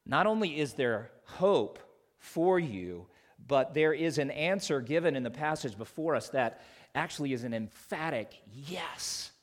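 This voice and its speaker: A man's voice: fairly high pitch, expressive, a little slow. Earnest man preaching, rising and falling. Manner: earnest preaching with sudden loud emphasis and soft drops. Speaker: pastor. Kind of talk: sermon.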